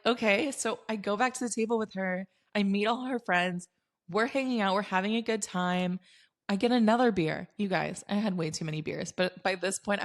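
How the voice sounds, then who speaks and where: A young adult woman hosting a podcast, telling a story in a casual, excitable way, full of "like" and quoted asides. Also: lowish voice. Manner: excitable, heavy use of "like", animated quoting. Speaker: podcast host.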